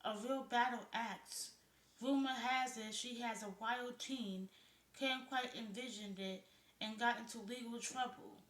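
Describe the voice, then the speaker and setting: A woman's voice: a little high, fairly even intonation, unhurried, fairly bright tone. A woman reading the lines of a gossipy, talkative man with a southern drawl, in a roomy-sounding recording. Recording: roomy echo.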